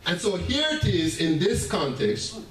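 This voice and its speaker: A man preaching a sermon as pastor, animated, with laughing asides and stammering restarts. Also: sits high, measured pace, crowd noise. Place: church sanctuary. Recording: echoey church room heard from a distance.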